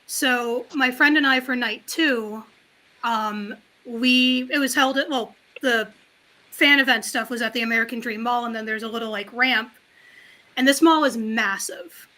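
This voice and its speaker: Bright high-voiced woman telling stories. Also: measured pace. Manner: animated, rambling, frank. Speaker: panelist on a talk show. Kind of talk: casual storytelling. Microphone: livestream call mic.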